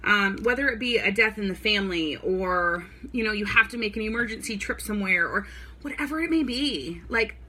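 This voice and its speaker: A woman's voice: mid-range voice, expressive, fairly quick, sharp tone, a little hiss or hum. A young woman vlogger telling her own story in a casual, rambling way, full of "like" and "y'all". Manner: chatty, rambling, lots of "like" and "y'all". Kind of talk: casual talking-to-camera storytelling.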